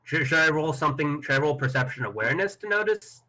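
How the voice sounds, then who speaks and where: A man's voice: a little high, lively intonation, quick pace, bright, forceful tone, rough recording. A man playing in a tabletop role-playing game who thinks aloud in a hesitant way as he describes his character. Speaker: player. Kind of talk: tabletop role-play chat.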